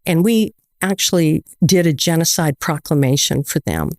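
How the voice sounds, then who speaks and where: An American woman guest telling lively stories in a casual interview, often acting out quoted dialogue. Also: low-pitched, normal speed, dry recording, studio quality. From United States.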